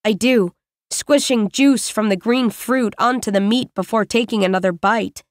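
A woman's voice: fairly high pitch, no room sound, clean studio sound. Woman reading a first-person audiobook. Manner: measured, reflective storytelling. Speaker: audiobook narrator. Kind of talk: first-person scripted narration.

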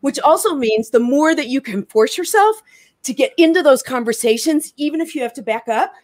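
A woman's voice: high-pitched, animated, a little fast, no room sound. A woman hosting a casual talk show over a video call, upbeat and laughing often. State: out of breath. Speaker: host.

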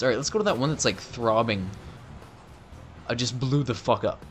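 Excitable man gaming. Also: mid-range voice, a little slow, soft background music. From Canada. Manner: excitable, profane, joking. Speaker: gaming commentator. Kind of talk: let's play commentary.

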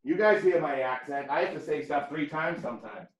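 Boston-accented man, blunt trainer talk, slightly high voice, echoey training room. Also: expressive, brisk. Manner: blunt, conversational, jokey. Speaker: real estate trainer.

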